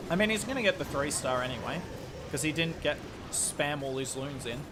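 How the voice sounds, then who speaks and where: With a noisy background behind him, a young Australian streamer speaks fairly quickly in a voice on the high side. He calls a strategy game with excited play-by-play, chatting to his viewers along the way.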